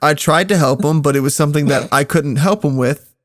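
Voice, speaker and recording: A young man with a fairly high voice tells a story at a casual pace, laughing often as he goes. He's a podcast co-host chatting with friends. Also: fairly quick. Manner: laughs often, animated retelling.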